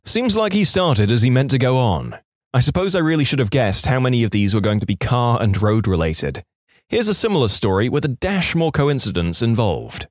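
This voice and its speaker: A man narrating reader-submitted stories as a podcast host, in lively scripted storytelling with asides to the listener. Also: mid-range voice, normal speed, no room sound, studio quality.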